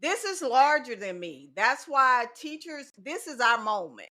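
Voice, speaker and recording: A middle-aged woman talks in a relaxed podcast chat. Her voice is bright and sits a little high. She speaks with emphasis and comes back to the same phrases to drive her points home. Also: a little slow. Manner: emphatic, repeats key phrases. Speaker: teacher and guest. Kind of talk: casual podcast conversation.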